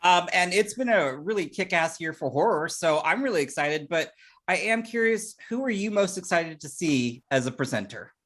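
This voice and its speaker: A woman with a notably low voice co-hosts a casual horror podcast interview. Her pitch swings widely as she chats, bubbly and self-deprecating. She leans on fillers and laughs at her own slip-ups. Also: animated, moderate pace, a bit bright. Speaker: podcast co-host.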